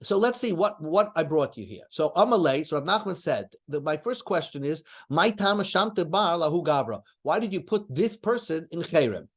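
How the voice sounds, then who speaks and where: A man's voice: fairly high pitch, expressive, moderate pace, few pauses. A man giving a Talmud lecture, reading each line of the passage and then explaining it in plain words, often stopping to restart. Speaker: Talmud teacher. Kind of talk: Talmud lecture, translating as he reads.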